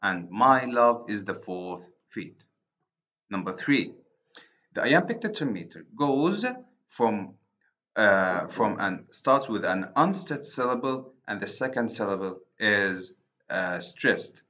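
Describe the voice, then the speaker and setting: A man with an Arabic accent, a native Arabic speaker, giving a university literature lecture, deliberate and repeating and rephrasing his points. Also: lowish voice, expressive, bright, forceful tone. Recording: dull lo-fi recording.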